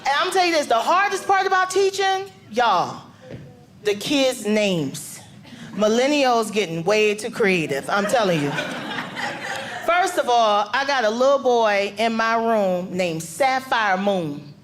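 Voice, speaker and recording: A woman comic with a high voice, telling loud, animated, exasperated stories. Clear room noise sits under her delivery. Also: measured pace. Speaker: stand-up comedian, teacher. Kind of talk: stand-up routine.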